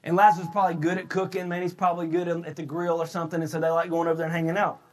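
A man preaching a sermon, shouting his emphatic points and then slipping into a loose, conversational retelling full of restarts. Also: on the high side, little pitch movement, racing. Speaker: pastor.

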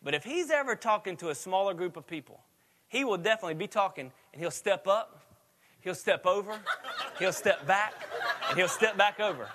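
A man's voice: high-pitched, animated, fairly quick, fairly bright tone, slight background noise. A man preaching a sermon in a chatty storytelling way, laughing often as he tells stories. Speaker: pastor.

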